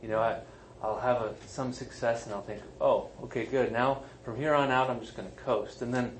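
A man's voice: mid-range voice, steady tone, moderate pace, a little hiss or hum, poor audio. A man, a pastor, preaching a sermon in a conversational, emphatic way with self-deprecating asides. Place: church sanctuary.

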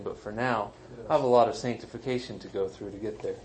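Male pastor, lowish voice, conversational and emphatic sermon delivery, faint noise floor. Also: steady tone, quick pace, darkish tone, rough recording. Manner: conversational, emphatic, self-deprecating asides. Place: church sanctuary.

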